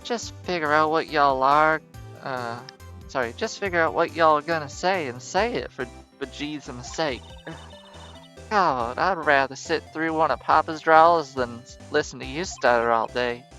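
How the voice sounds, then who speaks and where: A streamer voicing a brash, loud young Southern woman photographer with an American Southern drawl, folksy and scolding. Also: medium pitch, unhurried, soft background music. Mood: impatient. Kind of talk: visual novel voice reading.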